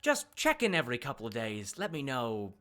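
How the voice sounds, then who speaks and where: A man's voice: mid-range voice, wildly swooping pitch, brisk, sharp tone, soft background music. A man voicing a shrewd woman moneylender who mocks and bargains, in a tabletop game. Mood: dry.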